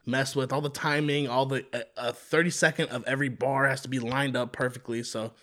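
A young man, a rapper, talking casually in an interview about writing songs, with relaxed speech full of "you know what I mean". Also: mid-range voice, brisk. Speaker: rapper guest.

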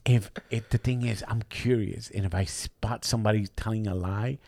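A man's voice: fairly low pitch, normal speed, vocal fry, no echo. A man telling stories in casual podcast chat, acting out both sides of each exchange and swearing freely. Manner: animated, acts out both sides of stories with jumpy voices. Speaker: podcast co-host.

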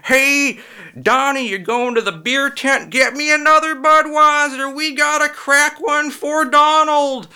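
A man voicing a rowdy, beer-loving male redneck race fan who whoops and shouts for beer. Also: very high-pitched, steady tone, a little slow, pitched above the performer's own voice, full character voice.

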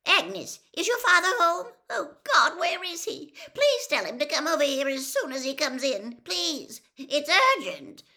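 A woman doing a frantic, shrill Southern aunt. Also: sing-song, measured pace, vocal fry, pushed and bright, exaggerated voice. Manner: high, breathless, urgent pleading. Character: anxious, flustered older aunt, fussing and frantic.

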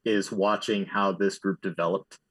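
A man on staff at a camp, chatting casually with relaxed, chuckling asides. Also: low voice, normal speed. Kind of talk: casual podcast chat.

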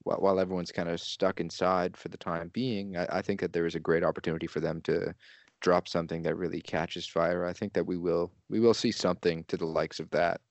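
A man co-hosting a podcast in casual chat, talking in a halting way as he searches for words. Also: low-pitched, dry recording. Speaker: podcast co-host.

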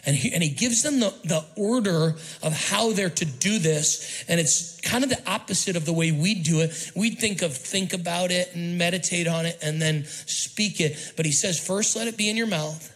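A male pastor delivering a sermon, his voice sitting a bit higher than most men's. He preaches emphatically, repeating phrases for effect and prompting the congregation to finish his sentences. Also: moderate pace, few pauses, poor audio. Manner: call-and-response prompting. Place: church auditorium.

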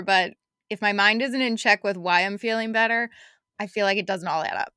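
A woman's voice: mid-range voice, fairly quick, pushed and bright, clear, resonant tone, no echo, studio quality. A woman co-hosting a casual podcast chat, reflective and chatty, often quoting her own inner voice. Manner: chatty, reflective, quotes herself in asides.

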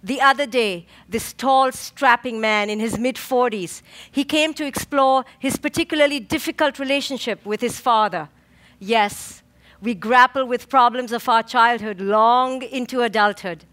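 A woman who is a clinical psychologist gives an inspirational talk, slow and emphatic, using rhythmic lists and dramatic pauses. Her voice is a little high and a bit bright.

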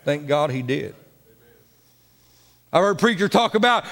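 A man's voice: fairly high pitch, animated, a little slow, creaky, pauses often, a bit bright. A pastor preaching a folksy, repetitive sermon in his church sanctuary. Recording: long church reverb.

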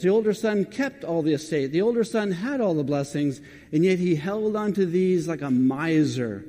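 A man preaching a sermon in a church, his voice a touch high but mellow and dark in tone. He talks in a conversational way and keeps turning to the congregation with direct questions. His words ring out with the long reverb of a large hall.

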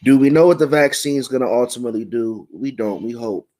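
A man co-hosting a casual podcast, telling a story in a relaxed, rambling way full of fillers. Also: medium pitch, fast talker. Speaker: podcast co-host.

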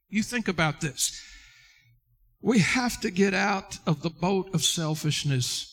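A male pastor preaching a sermon earnestly, addressing listeners directly and repeating key words for emphasis. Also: on the high side.

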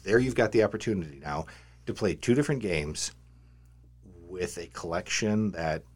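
A man's voice: deep voice, animated, moderate pace, breathy edge. A man, a game designer, talking earnestly and reflectively in a casual podcast studio chat. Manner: earnest, reflective, many restarts.

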